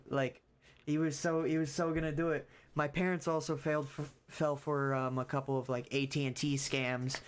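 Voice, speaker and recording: A man's voice: on the high side, level tone, normal speed, clean tone. A young man streaming, rambling casually with frequent swearing and loose storytelling. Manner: rambling, many fillers and restarts, swears casually. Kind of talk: casual chat.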